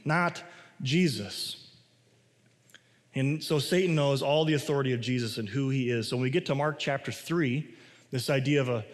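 A pastor giving a sermon, mixing casual asides and restarts with slow, stressed phrases. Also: male voice, fairly high pitch, long reverb tail.

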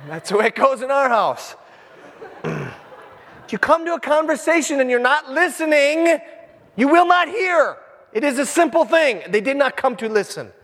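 A pastor in his fifties preaches to his church, joking and speaking straight to the people in the pews. His voice sits high for a man and swoops up and down all the time. The sound carries a long church-hall reverb. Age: 50s. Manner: animated, jokey, talks straight to the congregation. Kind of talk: sermon. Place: church with a congregation.

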